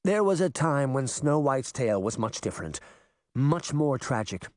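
A man's voice: mid-range voice, big pitch swings, normal speed, a little mellow, no echo, clean studio sound, lightly acted. A man voicing a commanding wicked queen, speaking in a grave, urgent way.

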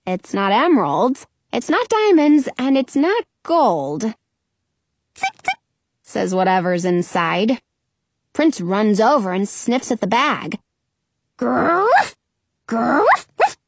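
A woman narrating a children's story in the first person, expressive and storytelling. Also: medium pitch, unhurried, no echo. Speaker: audiobook narrator.

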